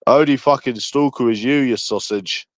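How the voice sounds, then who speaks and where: A man's voice: mid-range voice, moderate pace, dry recording. Crude, swearing London man, dry sound. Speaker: livestreamer. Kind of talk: rambling casual livestream chat.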